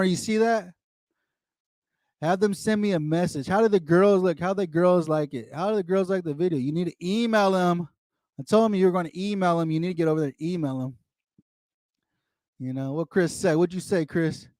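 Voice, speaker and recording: A man's voice: a little high, warm tone, no echo, studio quality. Rambling man chatting with livestream viewers. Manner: rambling, repetitive, addresses viewers by name. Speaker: livestream host. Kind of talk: casual livestream chat reading viewer comments. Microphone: desktop microphone.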